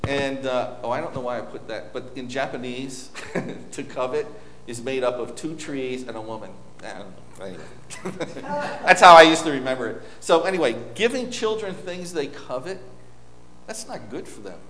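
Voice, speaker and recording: Speaking at normal speed, this preacher has a medium-pitched, expressive voice with a fairly bright tone. His informal sermon is full of stories, restarts and asides for the congregation, recorded in a long-reverb hall with slight background noise.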